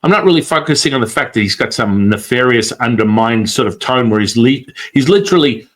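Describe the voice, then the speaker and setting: A man's voice: medium pitch, brisk. A man telling a story in casual conversation as a guest, acting out the voices of the people he quotes. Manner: animated, acts out quoted voices.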